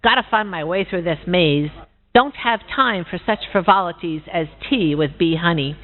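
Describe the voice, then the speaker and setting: A woman voicing a belligerent female rat who speaks in a steely, measured way, on a tinny recording. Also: on the low side, natural voice. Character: gruff belligerent female rat, busy in a maze. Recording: tinny phone-like sound.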